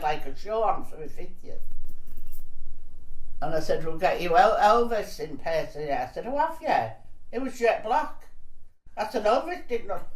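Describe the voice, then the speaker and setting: A woman's voice: medium pitch, recorded from a distance. An older woman, telling cheeky anecdotes in a chatty interview and laughing between stories. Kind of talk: casual storytelling. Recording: roomy sound, voice off-mic.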